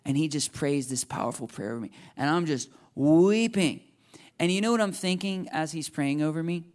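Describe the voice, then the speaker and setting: Young male preacher, sermon testimony, a touch high, animated storyteller. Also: normal speed. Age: young adult. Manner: animated storyteller, jumps into high excited voices for quoted thoughts. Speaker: pastor.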